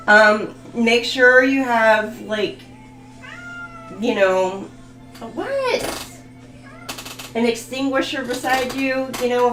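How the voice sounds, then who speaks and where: A woman's voice: a little high, fairly bright tone, roomy sound, low-quality recording. A woman giving a casual live tarot reading from home, chatty and rambling with lots of fillers and laughter. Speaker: tarot reader. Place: home room.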